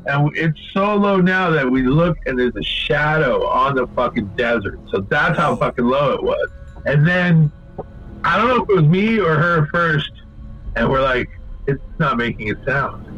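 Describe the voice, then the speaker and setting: A man's voice: fairly high pitch, moderate pace. Guy telling a wild story, swears constantly, kinda muffled lo-fi audio w/ faint music behind. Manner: profane, rambling, animated when quoting. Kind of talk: casual storytelling.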